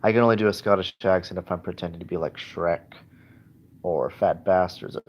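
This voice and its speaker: Deep-voiced man rambling hesitantly. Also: dull audio. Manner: hesitant, halting, lots of fillers and restarts; self-deprecating, candid. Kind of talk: casual rambling livestream chat. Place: in bed at home.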